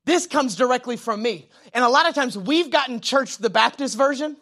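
A young man preaching a sermon. He talks informally, telling jokes and personal stories, and moves between loud emphatic lines and quiet prayerful asides. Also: extremely high pitch, expressive, normal speed. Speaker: pastor.

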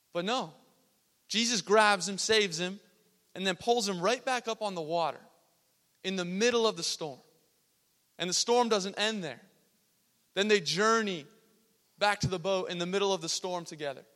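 Young man, youth sermon, high bright voice, laid-back slang, long hall echo. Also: normal speed, long pauses. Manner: casual slangy storytelling, acting out quotes. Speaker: youth pastor. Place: large hall with a youth congregation.

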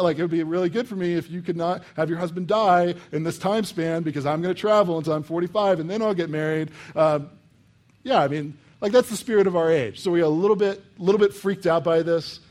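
A young man from the United States preaching a sermon in a casual, animated way, full of "like" and "um". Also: on the high side, a little fast. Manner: casual and animated, many fillers like "like" and "um". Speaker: pastor. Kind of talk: conversational sermon.

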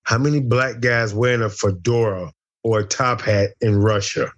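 A man's voice: lowish voice, steady tone, normal speed, dull audio. Boisterous storytelling man, profane. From United States. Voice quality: boisterous, acts out dialogue. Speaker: interview guest, former fighter.

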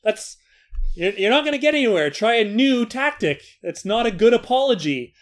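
A man's voice: high-pitched, expressive, moderate pace. A man teaching a Bible lesson in an earnest, scripted way, with self-deprecating asides. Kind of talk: scripted Bible study narration.

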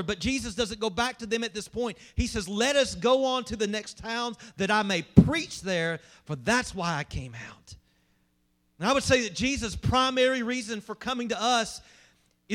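A man's voice: sits high, fairly bright tone. A man preaching a sermon as pastor, emphatic and asking the congregation questions.

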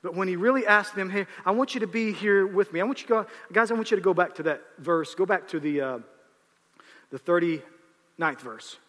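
A male pastor delivers an impassioned sermon in a high, bright, ringing voice. He swings between calm storytelling and fervent exhortation. His voice carries a long reverb, as in a church sanctuary. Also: brisk.

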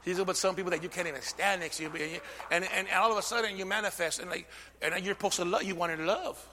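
Man, pastor, sermon, high pitched, gravelly, amen call-and-response, long church reverb. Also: fairly even intonation, fast talker, a little hiss or hum. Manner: swings from shouting to near whisper. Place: church sanctuary.

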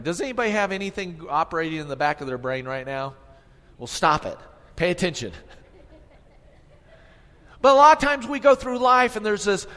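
A man's voice: on the high side, fairly bright tone. A man preaching a sermon, emphatic, repeating phrases and asking his congregation questions. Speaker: pastor. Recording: long hall reverb.

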